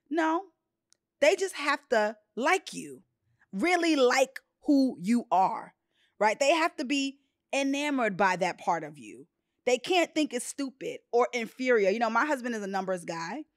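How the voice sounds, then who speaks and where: A woman hosting a podcast, chatting casually and telling personal stories with expressive, quoted voices. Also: fairly high pitch, a little slow, no echo, clean studio sound. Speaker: podcast host. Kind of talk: casual chat.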